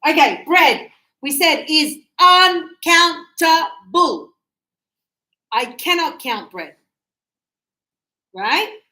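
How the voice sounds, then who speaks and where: A woman teaching an English class in a chatty, lively way, acting out everyday conversations. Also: high-pitched, slow pace, long pauses, echoey room, rough recording.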